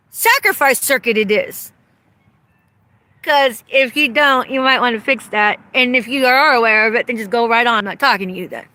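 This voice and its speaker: Outdoors in the cold, a woman vlogger goes on an angry, profane livestream rant into her phone. Her voice is high-pitched, bright and forceful, with no room sound.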